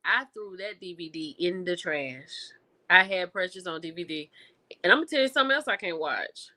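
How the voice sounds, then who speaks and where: Bright, animated woman chatting with viewers. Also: fairly low pitch, fairly quick. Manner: animated and expressive, with exclamations; talks to viewers directly, reading and answering chat. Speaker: livestream host reviewing TV and film. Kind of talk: casual chat with viewers.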